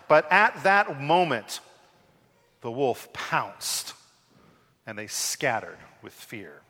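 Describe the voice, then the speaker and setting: A man telling a parable in a slow, deliberate, dramatic way, recorded in a reverberant hall. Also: a little high, sharp tone. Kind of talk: told parable, storytelling.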